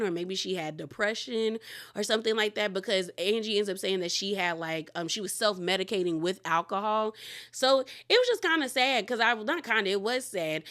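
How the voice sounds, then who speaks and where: Chatty woman recapping a reality show. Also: mid-range voice. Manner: chatty, rambling, heavy use of "like"; candid and animated with quick asides. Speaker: podcast host reviewing a reality show. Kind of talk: casual recap chat.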